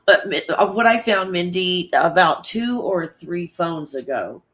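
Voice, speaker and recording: Casual livestream host, talks to the chat off the cuff, swears freely, laughs a lot, average pitch. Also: expressive, unhurried, a bit bright. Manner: chatty, loose and swearing, laughs often.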